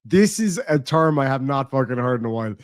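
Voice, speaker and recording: A man's voice: mid-range voice, expressive, a little fast, no echo, clean studio sound. An Irish man hosting a livestream, chatting in a rambling, profane way and reading out viewer donations. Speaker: livestream host. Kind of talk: casual livestream chat.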